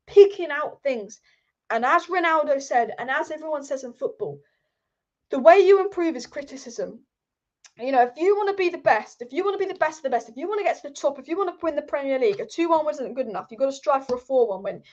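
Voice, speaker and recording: Fast-talking woman ranting about football. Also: high-pitched, animated, a little mellow. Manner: fired-up, swearing, repetitive. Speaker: football channel host. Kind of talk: casual opinion rant. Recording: dull lo-fi audio.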